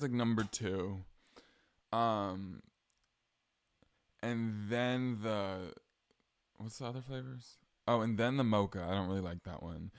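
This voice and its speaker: A man's voice: fairly low pitch, no echo, studio quality. A young man with a Southern accent, chatting casually on his solo podcast with frequent ums and likes. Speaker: podcast host.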